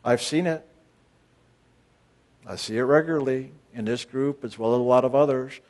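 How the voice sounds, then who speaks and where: Leading a retreat group, a man talks at a moderate pace in a mid-range, darkish-toned voice. His blunt delivery is full of rhetorical questions aimed at the participants and sudden emphatic surges.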